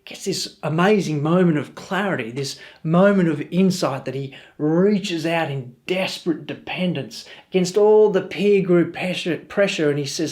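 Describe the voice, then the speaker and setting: Earnest Australian preacher, fairly high voice. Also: male voice, expressive, measured pace, darkish tone. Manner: earnest, storytelling with quoted voices. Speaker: pastor. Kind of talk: sermon.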